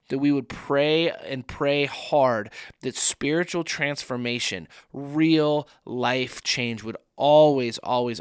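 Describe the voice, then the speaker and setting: A man's voice: mid-range voice, fairly bright tone, clean tone, dry recording. Earnest preacher man, dry close sound. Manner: earnest, repeats rhetorical questions. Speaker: young adult ministry speaker. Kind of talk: podcast sermon.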